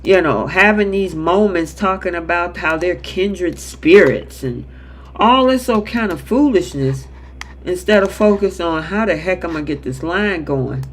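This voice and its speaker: A man's voice: high-pitched, expressive, a little slow, a little hiss or hum. A man hosting a live chat show that recaps a soap opera, reading viewer comments and acting out characters' lines in quotes. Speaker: show host.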